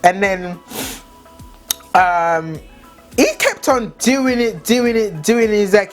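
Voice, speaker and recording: A woman's voice: medium pitch, slow, long pauses, soft background music. A young woman telling a story in a chatty way, many "like" fillers. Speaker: vlogger. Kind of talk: casual storytime chat.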